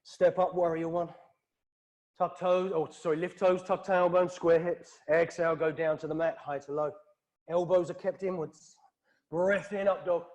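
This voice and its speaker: A man with a British accent teaching a yoga class, calling out poses and breaths in a calm, steady rhythm. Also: fairly high pitch, normal speed. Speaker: yoga instructor. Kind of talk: guided yoga class cues. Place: hot yoga studio.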